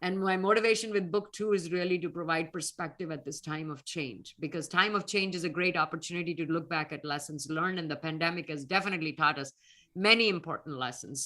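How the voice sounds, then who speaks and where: A woman's voice: fairly low pitch, sharp tone. A middle-aged woman from North India with an Indian English accent, answering interview questions in an earnest, reflective way that turns emotional. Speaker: guest speaker, alumna scientist.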